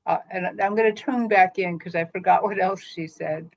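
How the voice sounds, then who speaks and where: A woman co-reading in a live psychic session, animated and laughing often as she describes what she senses. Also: lowish voice, normal speed, creaky, rough recording. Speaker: psychic medium co-reader.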